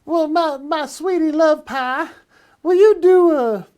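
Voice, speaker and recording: A man's voice: extremely high pitch, slow, a little mellow, voice pushed up. A man voicing a syrupy, sweet-talking woman who coos pet names. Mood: sugary. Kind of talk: comic impression.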